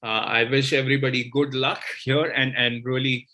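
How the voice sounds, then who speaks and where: Man, bright forceful voice, hesitant formal closing remarks. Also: mid-range voice, level tone, moderate pace. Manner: hesitant, many fillers and repeats. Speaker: conference speaker.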